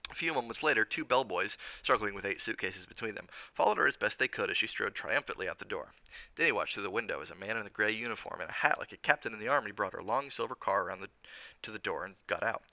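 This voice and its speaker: Brief: male streamer doing casual book reading, quick and bright, low-ish voice. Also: animated, vocal fry, no room sound, dull audio. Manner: brisk and plain, with asides. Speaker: streamer reading a novel aloud.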